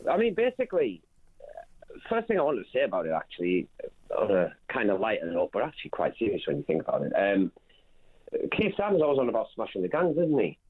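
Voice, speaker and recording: A man's voice: on the low side, huge pitch swings, fast, husky. A man from Lincolnshire calling in to a radio show, wry and hesitant, with lots of fillers. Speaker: caller. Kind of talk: phone-in call. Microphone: phone. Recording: tinny phone line.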